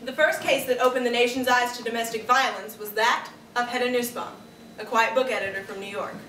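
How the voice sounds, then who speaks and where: A woman's voice: on the high side, steady tone, bright, forceful tone, a little hiss or hum. Woman giving a reflective stage monologue. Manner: reflective, diary-like, measured. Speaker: performer of a dramatic monologue. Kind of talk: staged first-person dramatic monologue. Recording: echoey room, distant camera mic.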